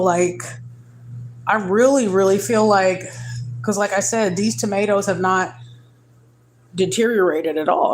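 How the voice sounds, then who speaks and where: A tired young woman talks straight to her own camera in a loose, rambling vlog. She is candid and chatty, drifting between everyday thoughts, and her voice rises high whenever she grows emotional. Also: darkish tone, a little hiss or hum. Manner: rambling, emotional, candid, swings to a high pitch when moved. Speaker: mother vlogging her day. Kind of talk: casual vlog chat.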